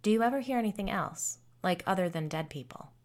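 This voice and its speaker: A woman's voice: medium pitch, lively intonation, a little fast, darkish tone, close to an everyday voice. A woman voicing a friendly, self-deprecating grown woman who is frightened of something from her childhood, in a storybook reading. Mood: uneasy. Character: nervous grown woman haunted since childhood.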